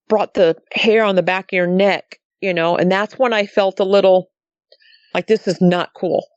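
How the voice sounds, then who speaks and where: A woman's voice: medium pitch, clean tone, no room sound. Woman telling a story over a dull line. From Montana. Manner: chatty, quotes others with "he goes" and "I said". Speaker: guest telling a sighting story. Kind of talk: casual storytelling.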